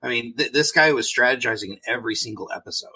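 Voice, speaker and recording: A man's voice: medium pitch, quick pace, sharp tone, slightly rough, rough recording. A man co-hosting a podcast, talking hesitantly with many fillers. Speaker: podcast co-host. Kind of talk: casual discussion.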